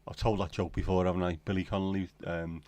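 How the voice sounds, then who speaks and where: Low-voiced and a little mellow, a middle-aged British man hosts a casual late-night livestream from home, speaking fast with a flat delivery and no echo. He rambles wryly, chatting to viewers and to himself.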